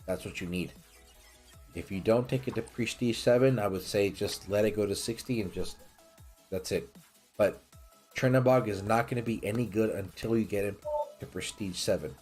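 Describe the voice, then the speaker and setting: A man with a lowish voice hosts a live game stream in easy, offhand chat. He swears casually and answers viewers' questions as he plays. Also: normal speed, a little mellow, breathy edge, soft background music. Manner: laid-back, swears casually, reads chat aloud.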